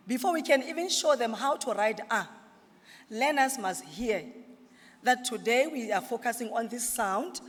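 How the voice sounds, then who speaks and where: A woman presenting a literacy workshop to teachers, explaining step by step and sounding out letters and syllables. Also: fairly high pitch. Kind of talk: workshop presentation with audience questions. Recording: reverberant hall.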